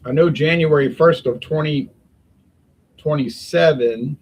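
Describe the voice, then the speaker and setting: A man's voice: a little high, unhurried, a little mellow, rough recording. A man chatting casually and rambling in a folksy way, talking at home in the heat with the windows open. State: sweating in the heat. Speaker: beer review vlogger.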